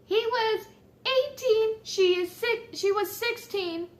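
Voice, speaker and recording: A woman's voice: very high-pitched, takes it slowly. A woman casually telling a personal story, chatty and swearing freely, laughing at how silly it was.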